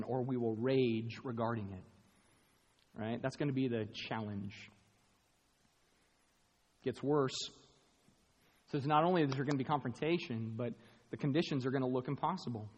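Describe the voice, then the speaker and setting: A man preaching a sermon to a room of people, animated and playful, acting out quick voices and jokey asides. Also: medium pitch, husky, dull audio. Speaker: pastor. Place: large room with an audience. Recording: long hall reverb.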